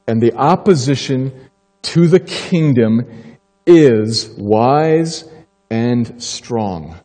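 A male pastor delivers a sermon with a mellow, dark tone, slowing deliberately on the words he wants to land. His unhurried delivery rings out in a church sanctuary with a long hall reverb. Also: medium pitch, expressive. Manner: emphatic, slows down to stress key phrases.

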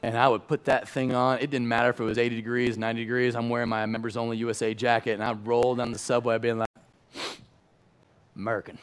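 A middle-aged man preaching a sermon in a church in a lively, conversational way, moving between loud and hushed passages. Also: medium pitch, fast, hardly any pauses, clean tone. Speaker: pastor.

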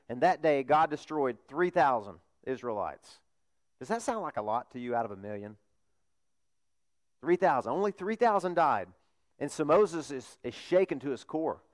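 Male pastor, slightly higher voice, chatty sermon delivery full of rhetorical questions. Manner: conversational, asks the congregation rhetorical questions.

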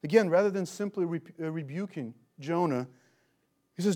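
A man preaching an expository sermon, animated and emphatic, using rhetorical questions. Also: fairly high pitch, normal speed.

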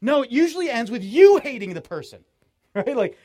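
A man preaching a sermon at a festival, animated and teasing, acting out quotes with a raised voice. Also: very high-pitched, brisk.

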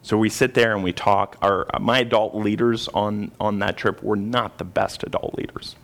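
Gravelly low-voiced man preaching. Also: fairly even intonation, normal speed, fairly bright tone. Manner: earnest storytelling with hesitant restarts. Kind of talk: sermon.

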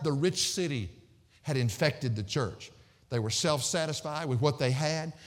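A pastor preaching with a fairly high-pitched man's voice. He moves between loud, emphatic declamation and quiet, chatty asides. The sound rings with the long reverb of a church sanctuary. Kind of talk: sermon.

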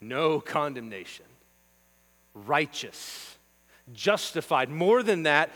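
Male preacher, higher voice, emphatic rhythmic delivery, long reverb and mains hum. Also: animated, measured pace. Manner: emphatic, rhythmic lists, shifts between hushed and forceful. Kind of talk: sermon.

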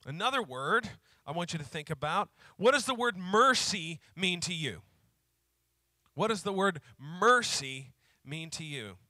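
Man, pastor, sermon, high voice, bright and sharp, emphatic repetition, chatty storytelling. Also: lively intonation, dry recording, clean studio sound. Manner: emphatic, repeats key phrases slowly; conversational storytelling with fillers.

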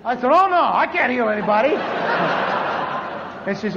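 A man preaching a sermon as a story, animated and acting out the voices of the people in it. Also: moderate pace, creaky, pauses often, crowd noise. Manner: animated, acts out dialogue with big pitch swings. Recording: echoey hall, dull lo-fi sound with faint noise.

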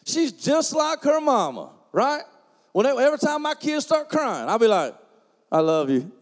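High-voiced preacher in a reverberant church. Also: male voice, sing-song, normal speed. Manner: swings from quiet asides to loud emphatic preaching; folksy, joking storyteller. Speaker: pastor. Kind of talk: sermon.

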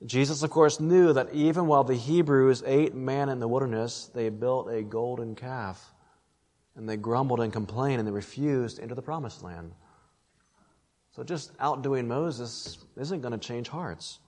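A man's voice: mid-range voice, normal speed, warm tone, big-room sound. A man preaching an expository sermon, earnest and emphatic, often addressing his listeners as friends.

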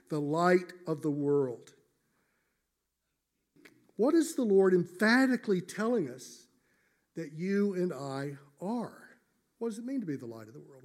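A male pastor preaching a sermon in church, measured and emphatic, slowing down on key phrases. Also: sits high.

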